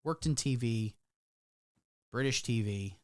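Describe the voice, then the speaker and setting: A man's voice: mid-range voice, takes it slowly, dry recording, studio quality. A man giving casual live-stream commentary, sarcastic and rambling, swearing freely. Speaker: livestreamer.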